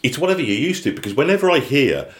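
A man's voice: mid-range voice, very animated, fast talker. A man co-hosting a podcast, chatting casually about a TV episode, rambling with lots of fillers and laughing often. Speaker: podcast co-host.

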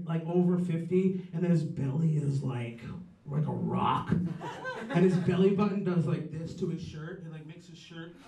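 A man doing a rambling, profane stand-up set with dark jokes. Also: sits high, echoey room, distant mic, low-quality recording. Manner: rambling, profane, darkly joking. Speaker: stand-up comedian.

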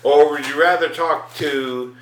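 A man's voice: fairly high pitch, steady tone, a little slow, a bit bright, roomy sound, slight background noise. A man co-hosting a casual podcast, laid-back and agreeable, swearing casually as he chats. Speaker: podcast co-host. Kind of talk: casual chat.

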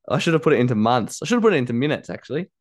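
A man's voice: mid-range voice, big pitch swings, very fast. A man co-hosting a casual rugby league podcast, playful and argumentative, often laughing as he reads out results. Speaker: podcast co-host. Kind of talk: casual sports chat.

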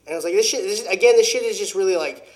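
A man's voice: sits high, very fast, darkish tone. A man co-hosting a podcast in casual chat, talking in slang and swearing a lot as he describes things that gross him out. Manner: slangy, profane, squeamish complaining. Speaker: podcast co-host.

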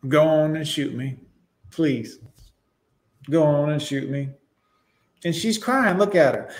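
A man's voice: on the high side, slow pace, long pauses. Young man, sarcastic profane reaction commentator. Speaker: commentator reacting to news clips.

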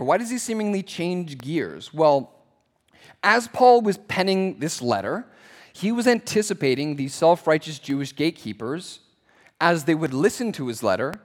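A man teaching from the Bible, slowing down to stress key words emphatically. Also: a little high, in a large hall.

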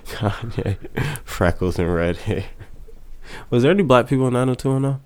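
A man in casual comedic banter, riffing loudly with laughs and cursing. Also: mid-range voice, lively intonation, unhurried, slight background noise.

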